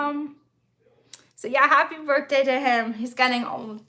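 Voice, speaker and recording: A woman's voice: sits high, measured pace, long pauses, bright, forceful tone. A woman hosting a casual live stream from a phone on a tripod, rambling and reading out viewer comments as she goes. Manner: chatty, rambling, reads viewer comments aloud.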